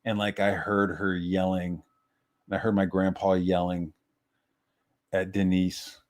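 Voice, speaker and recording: A man's voice: low-pitched, level tone, measured pace. A man casually telling a rambling personal story, swearing freely and often restarting his sentences. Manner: rambling, profane, self-interrupting. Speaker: streamer.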